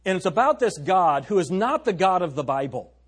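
A man preaching a sermon, emphatic and folksy, who slows down to stress key words and talks straight to his congregation. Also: high voice, big pitch swings, slightly rough. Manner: folksy, addresses the congregation directly.

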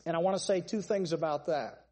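A man's voice: on the high side, a little fast, darkish tone, big-room sound. A man preaching a sermon, stressing points through long repeated lists. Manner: emphatic, repetitive list-style preaching.

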